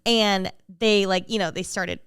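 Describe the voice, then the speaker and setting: A woman's voice: medium pitch, steady tone, unhurried, fairly bright tone, clean tone, dry recording, studio quality. A young woman co-hosting a podcast, telling stories in a chatty, emotional way with lots of fillers. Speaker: podcast co-host. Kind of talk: casual chat.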